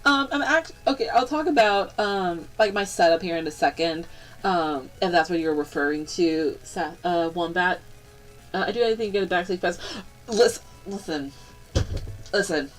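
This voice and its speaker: A young woman chatting casually on a live stream, rambling and bubbly, breaking into excited squeals. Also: fairly low pitch, moderate pace, soft background music, low-quality recording.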